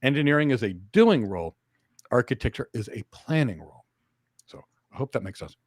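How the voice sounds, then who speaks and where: A middle-aged man hosting a career Q&A, talking emphatically through rhetorical questions and analogies with big swings in pitch and loudness. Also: sing-song, fairly quick, no room sound, studio quality. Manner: teaches through analogies and examples. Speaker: host answering career questions.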